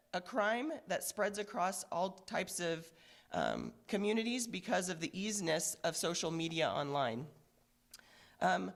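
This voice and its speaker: A woman police commander with a hoarse voice from a recent illness, giving a measured, earnest press conference statement with frequent fillers. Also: medium pitch.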